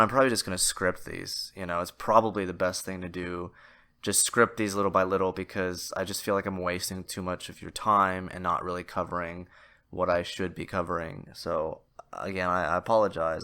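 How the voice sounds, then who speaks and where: A man's voice: low voice, pushed and bright. A man hosting a solo podcast, rambling and self-deprecating with lots of fillers and restarts, in a somewhat nasal voice. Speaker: podcast host. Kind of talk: casual solo podcast monologue.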